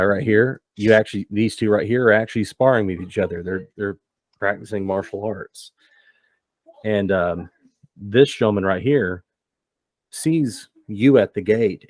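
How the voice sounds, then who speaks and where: A man as game master, narrating a tabletop role-playing game in a relaxed, descriptive way. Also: fairly low pitch, no room sound. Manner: relaxed, descriptive, loose with fillers.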